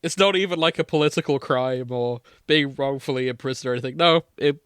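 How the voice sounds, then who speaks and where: A man's voice: medium pitch, fairly bright tone, clean tone, dry recording. Podcast host, young man, laughs a lot, dry booth sound. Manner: laughs often, quick asides. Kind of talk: casual chat.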